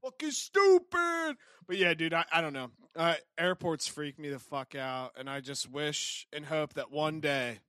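A man's voice: a little high, fairly even intonation, normal speed, hardly any pauses, sharp tone, clean tone, no echo, clean studio sound. A man co-hosting a podcast, ranting animatedly in casual chat with heavy swearing. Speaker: podcast co-host.

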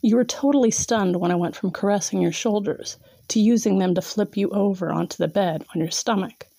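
A woman's voice: mid-range voice, a little fast, gravelly, mellow, no room sound. A woman narrating a second-person erotic story in a teasing, domineering way, sometimes dropping to a whisper.

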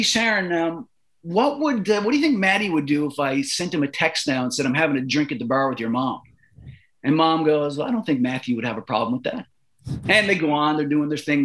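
A middle-aged Canadian man telling a long story in a casual interview, animated and profane, acting out the voices of the people in it. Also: on the high side. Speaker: guest.

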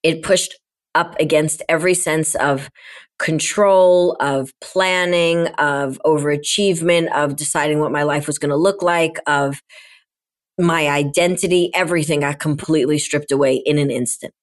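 A woman's voice: deep voice, steady tone, moderate pace. A middle-aged woman, a podcast guest and coach, telling a candid, emotional personal story in conversation.

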